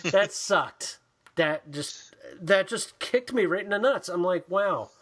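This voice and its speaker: A man co-hosting a podcast, chatting casually about movies in an animated, profane way, often acting out the voices he quotes. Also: sits high, slow pace. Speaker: podcast co-host. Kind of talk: casual chat, movie review.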